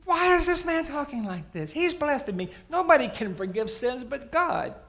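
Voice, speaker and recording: Preacher voicing indignant scholars, high and sputtering. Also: male voice, big pitch swings, normal speed, fairly bright tone, heavily acted. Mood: outraged. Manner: outraged, sputtering. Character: indignant male religious teachers of the law.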